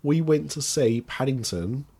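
A man's voice: medium pitch, animated, a little slow, creaky, dark tone, breathy edge. A man, a parent casually questioning his child about a book, playful and teasing. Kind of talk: casual chat.

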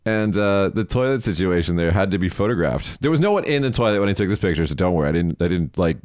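A man co-hosting a podcast, his pitch sitting a little low but swinging widely as he tells stories. He chats casually and breaks into quick laughs. The sound is close and dry. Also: dry recording. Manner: animated storytelling, chatty, quick laughs. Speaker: podcast co-host. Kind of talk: casual chat.

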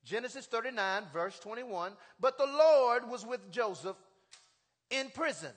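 A man preaching a sermon as pastor, calling on the congregation to answer back and building up to shouts. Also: very high voice, expressive, unhurried, long reverb tail. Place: church sanctuary.

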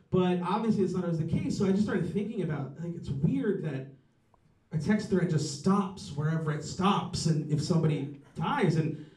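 Rambling profane stand-up comic, high voice. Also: male voice, a little mellow. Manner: rambling, profane, self-mocking, halting with many restarts. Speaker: stand-up comedian. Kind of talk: stand-up set. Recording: roomy, mic heard from a distance.

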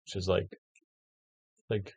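A man chatting about football in an animated, jokey way, laughing often. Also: slow, no echo. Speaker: podcast co-host. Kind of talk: casual sports chat.

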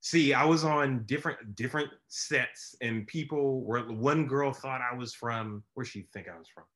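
A man from Maryland hosting a casual interview, animated and rambling, often laughing. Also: medium pitch, moderate pace. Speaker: podcast host.

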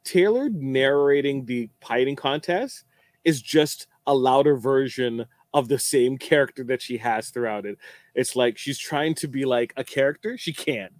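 A man's voice: mid-range voice, normal speed, no room sound. A man co-hosting a casual reality-TV chat, talking wryly and mocking the contestants. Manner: wry, mocking impressions. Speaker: podcast co-host.

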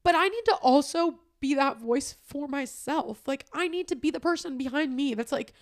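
A woman's voice: high-pitched, normal speed. Tearful young woman podcast host. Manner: candid and tearful, often swearing, emphatic. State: crying at times. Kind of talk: personal, emotional solo podcast talk.

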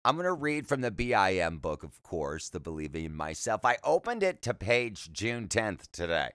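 A man's voice: lowish voice, sing-song, moderate pace, fairly bright tone, smooth, no room sound, clean studio sound. Chatty man hosting a solo podcast. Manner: chatty, self-deprecating, jokey asides. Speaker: podcast host. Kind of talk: rambling solo podcast monologue.

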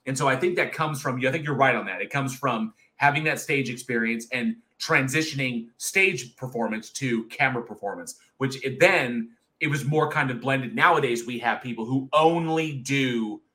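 A man co-hosting a podcast, chatting about movies in an animated, profane, rambling way. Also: mid-range voice. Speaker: podcast co-host. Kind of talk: casual film review chat.

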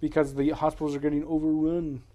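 A young American man co-hosting a casual podcast, quick and sarcastic, swearing freely. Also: fairly high pitch, flat delivery, warm tone. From United States. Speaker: podcast co-host. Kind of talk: casual chat.

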